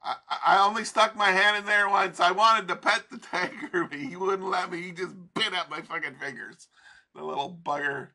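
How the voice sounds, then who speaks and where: A man's voice: high voice, steady tone, moderate pace, bright, forceful tone. A man teaching trading over a chart in a casual, profane, rambling way, laughing often. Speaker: trading instructor.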